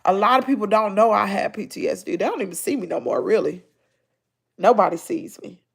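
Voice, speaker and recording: A woman's voice: mid-range voice, expressive, brisk, gravelly, breathy edge. A middle-aged woman with a Southern accent, crying and stuffed up, talking heartfelt to her viewers. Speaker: family vlogger. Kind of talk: emotional livestream talk to viewers.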